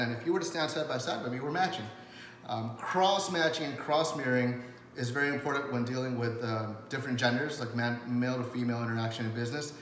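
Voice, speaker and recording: A man's voice: mid-range voice, quick pace, a bit bright, slight background noise. Chatty man in an echoey room. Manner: loose and chatty, with lots of fillers, restarts and acted-out quotes. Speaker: coach teaching rapport skills. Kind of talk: casual spoken lesson to camera. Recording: echoey room with long reverb.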